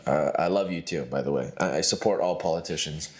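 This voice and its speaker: A man's voice: a bass voice, fairly quick. A man hosting a podcast in a rambling comedic monologue, joking and laughing at himself. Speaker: podcast host.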